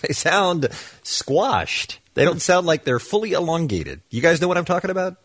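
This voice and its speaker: A man's voice: on the high side, very animated, moderate pace, fairly bright tone, dry recording. A man hosting a morning radio show, bantering playfully with co-hosts and callers. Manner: playful, teasing.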